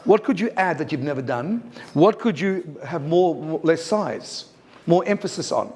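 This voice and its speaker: Male workshop presenter, slightly high voice, emphatic, keeps quizzing the audience. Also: moderate pace, husky. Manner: lively, emphatic, asks the audience questions. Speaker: teacher trainer. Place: university lecture room.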